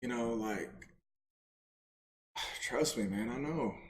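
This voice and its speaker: A man co-hosting a casual podcast, talking emphatically and repeating phrases for effect. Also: slow. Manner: emphatic, repeats phrases, animated pitch jumps. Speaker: podcast co-host. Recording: roomy echo.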